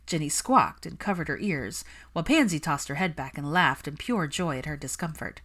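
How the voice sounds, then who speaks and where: A woman narrating a fan fiction story in a steady, even reading voice, close to the microphone. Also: sits low, normal speed, hardly any pauses.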